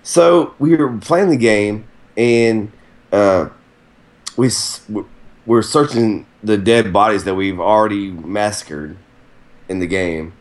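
A man's voice: lowish voice, takes it slowly. A man telling a rambling story in casual chat, with many fillers.

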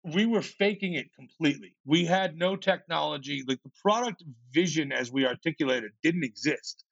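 A man with a slightly high, gravelly voice tells a lively story as a podcast guest. He acts out what other people said and stumbles over repeated words when he gets excited. The sound is dry and a little muffled. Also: normal speed, no room sound. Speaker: podcast guest, startup founder. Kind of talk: animated storytelling in a podcast interview.

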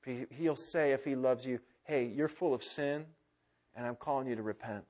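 A man preaching a sermon in a church, swinging from loud urgency to hushed, intimate pleading. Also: mid-range voice, normal speed. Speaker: pastor. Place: church sanctuary with congregation.

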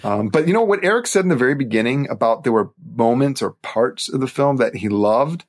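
A man's voice: medium pitch, expressive, a little fast. A man co-hosting a podcast, in a casual film discussion, thoughtful and analytical, often restarting his sentences. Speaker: podcast co-host.

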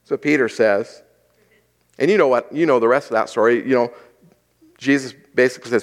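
A pastor delivering a sermon in a conversational way, asking the congregation rhetorical questions. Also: male voice, mid-range voice, lively intonation, brisk, fairly bright tone.

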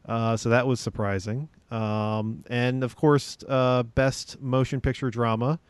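A man co-hosting a podcast, chatting casually about films. He pauses often with ums and restarts his sentences. His voice is dry and close on the mic, at a middle pitch. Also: fairly even intonation, smooth, dry recording. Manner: hesitant, lots of ums and restarts. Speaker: podcast co-host. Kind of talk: casual chat.

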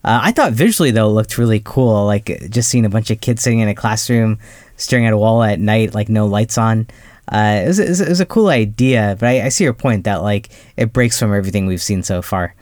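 A man with a fairly low voice talks over a film on a podcast. He sounds hesitant and keeps restarting his sentences. The recording is dry and close. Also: expressive, brisk, darkish tone, no echo. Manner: hesitant, many fillers and restarts, laughs easily. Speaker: podcast co-host. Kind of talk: casual film discussion.

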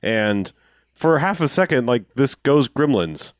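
A man's voice: medium pitch, sing-song, no echo, clean studio sound. Rambling man in casual film chat. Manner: rambling, halting, many fillers. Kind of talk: casual movie-review chat.

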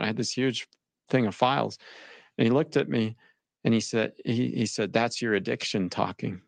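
A young man telling a personal story in a halting, shaken way, often repeating his words. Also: mid-range voice, fairly even intonation, vocal fry, no room sound. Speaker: interviewee recounting his experience. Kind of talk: emotional personal account.

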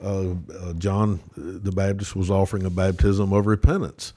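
A man's voice: sits low, steady tone, moderate pace, mellow. A man with a Southern US accent explaining a religious topic as a podcast guest, with many restarts and fillers. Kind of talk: casual theological discussion.

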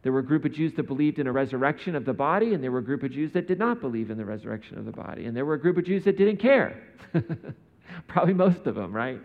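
A man's voice: on the high side, expressive, fast talker. A man preaching a sermon in a conversational way, often asking his listeners rhetorical questions. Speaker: pastor. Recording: dull sound in a reverberant hall.

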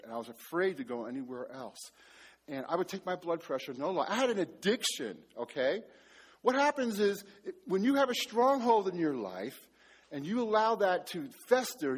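High-voiced husky male pastor. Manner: animated, self-mocking storytelling with audience banter. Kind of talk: sermon. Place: church before a live audience.

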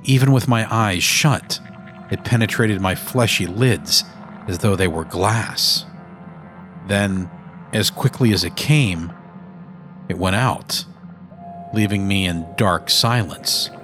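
A man narrating a first-person horror story in a measured, brooding manner. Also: fairly low pitch, fairly bright tone, faint music behind.

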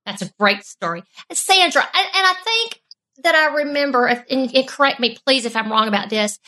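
Bright-voiced woman co-host. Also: high voice, expressive, moderate pace, low-quality recording. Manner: polite, asks long careful questions. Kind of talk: casual interview.

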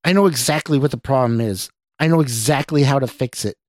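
A man's voice: mid-range voice, animated, normal speed, no echo, studio quality, voice pushed up, natural voice. A man voicing a nervous young male scientist who stammers and pleads defensively, in a story reading. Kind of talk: audio drama reading.

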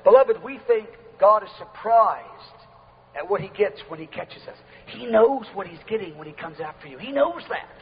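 A man preaching a sermon in an exuberant, repetitive style, often shouting, in a large church hall. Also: high-pitched, expressive, moderate pace. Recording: dull lo-fi recording with long hall reverb.

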